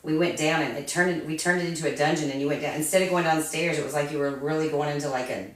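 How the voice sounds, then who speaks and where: Kobieta o niskim głosie, z pogłosem. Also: female voice, low voice, fast talker. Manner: chatty, with many fillers. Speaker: co-host. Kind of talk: casual chat. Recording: echoey room, distant mic.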